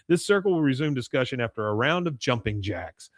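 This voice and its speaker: A man in casual conversation walks through an episode scene by scene, quoting the characters and laughing along. His voice sits at an ordinary middle pitch. The sound is dry and close, with no room around it. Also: animated, fairly quick, hardly any pauses, no room sound. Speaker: podcast host recapping an episode. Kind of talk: casual chat.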